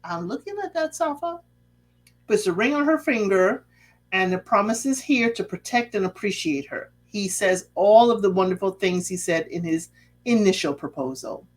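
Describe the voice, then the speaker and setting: Sassy woman host for a reality-TV recap. Animated pitch, quips and rhetorical asides. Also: normal speed. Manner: sassy, chatty, drops asides and rhetorical questions; acts out quoted lines in a lively voice. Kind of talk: casual reality-show recap.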